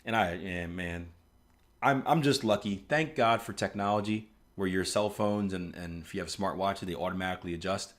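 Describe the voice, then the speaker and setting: A man's voice: low-pitched, moderate pace. A man in his thirties from the US East Coast, telling rambling stories in a casual live stream and then walking through trading charts, with frequent restarts and "like". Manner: rambling storyteller, many restarts and "like", chuckles often. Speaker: forex trading educator.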